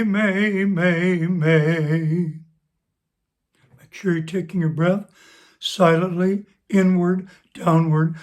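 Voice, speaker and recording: A voice teacher giving a spoken singing lesson, explaining technique step by step and speaking straight to the student. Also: mid-range voice. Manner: slow, deliberate instructing, addressing the student directly. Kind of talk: spoken vocal lesson with sung demonstrations.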